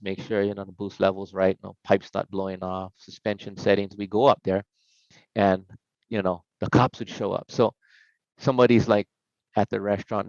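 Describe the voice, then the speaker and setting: A middle-aged man with a lowish voice tells stories casually as a podcast guest, animatedly acting out the voices he quotes. The recording has no room sound, giving a dry, slightly dull podcast quality.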